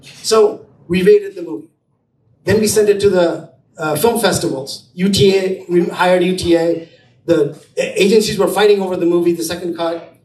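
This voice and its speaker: Man telling a lively story in an echoey room. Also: sits high, recorded from a distance, a little hiss or hum. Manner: animated storytelling, acting out quotes. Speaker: film producer. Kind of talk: storytelling talk at an event. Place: event space.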